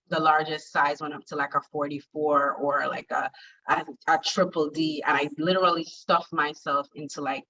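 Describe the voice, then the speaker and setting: Woman from Jamaica, confidence coach; animated storyteller, bright and forceful, heard distant over a muffled call. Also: low voice. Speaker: confidence coach and plus-size model. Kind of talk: casual interview chat.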